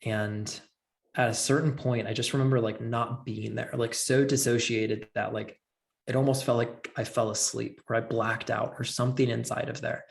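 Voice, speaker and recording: A man's voice: medium pitch, level tone, normal speed, vocal fry. A man telling a personal story as a podcast guest, earnest and filling his talk with "like". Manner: earnest, heavy use of "like".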